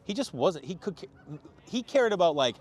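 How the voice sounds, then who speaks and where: A man from Boston, a comedian guest on a podcast, telling animated stories and acting out what people said. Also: high-pitched, moderate pace. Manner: animated storyteller, acts out quotes. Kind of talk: casual podcast chat.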